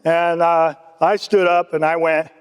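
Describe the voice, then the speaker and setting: A man's voice: fairly high pitch, little pitch movement, measured pace, smooth. Man telling his story in a reverberant hall. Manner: casual storytelling, acts out quoted voices. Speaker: speaker at a recovery meeting. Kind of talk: personal testimony.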